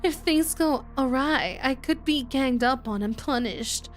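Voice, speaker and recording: A woman's voice: high-pitched, a little slow, soft background music, voice pushed up. A woman voicing a sly, playful teenage girl in a visual novel readalong, with a teasing, conspiratorial delivery.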